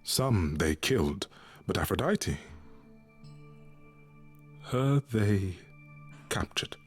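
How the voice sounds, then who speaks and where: An actor playing a weary, grieving male god who cares for his suffering mother, speaking in a halting, confiding way. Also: deep voice, very animated, exaggerated voice. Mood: sorrowful. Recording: game audio with faint music.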